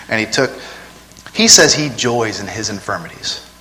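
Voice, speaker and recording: A man's voice: on the low side, expressive, moderate pace, pushed and bright, big-room sound, a little hiss or hum, rough recording. A man preaching a sermon in a conversational way, often asking the congregation rhetorical questions.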